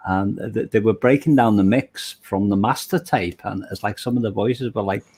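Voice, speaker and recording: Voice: moderate pace, slightly rough. A songwriter in a casual online group chat, talking thoughtfully with stammers and restarts. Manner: thoughtful, stammering, animated pitch.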